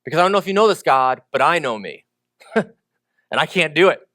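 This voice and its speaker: A man's voice: a little high, expressive, fairly quick, sharp tone, dry recording, clean studio sound. A male pastor preaching a sermon in a conversational way, with joking asides.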